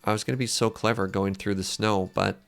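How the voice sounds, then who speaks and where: A man's voice: on the low side, steady tone, brisk, gravelly, a bit bright. A man live-streaming a game, chatting casually with viewers in a joking, self-deprecating way, with faint game music behind him. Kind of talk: casual live-stream chat while gaming.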